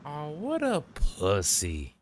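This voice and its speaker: Profane joking gaming commentator. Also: male voice, on the high side, wildly swooping pitch, takes it slowly, slight background noise. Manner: loud, profane, joking reactions. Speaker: gaming streamer. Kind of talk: let's play commentary.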